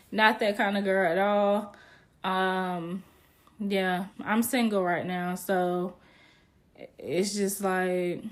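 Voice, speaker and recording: A young woman hosts her own podcast and talks straight into the mic about her past. She is frank and chatty, laughs easily and wanders off topic before pulling herself back. Her voice sits in an ordinary middle pitch. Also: steady tone, drawn-out words, long pauses. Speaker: podcast host. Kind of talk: candid solo podcast storytelling.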